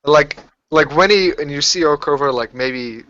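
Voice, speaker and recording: A man playing in a tabletop game, describing his moves in casual, halting speech. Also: fairly high pitch, bright, forceful tone. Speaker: player. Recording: dull, dry sound.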